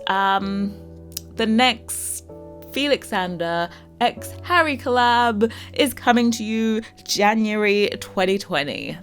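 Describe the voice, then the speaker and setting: A woman's voice: medium pitch, a bit bright. A woman with a London accent chatting casually to her viewers as a Sims builder, rambling with lots of fillers. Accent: London English. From London, England.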